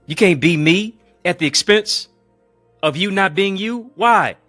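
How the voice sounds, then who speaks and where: A man's voice: a little slow, dry recording, faint music behind. Emphatic preaching male motivational speaker. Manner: emphatic, repetitive and rhythmic, swinging between booming and hushed; addresses live viewers as family.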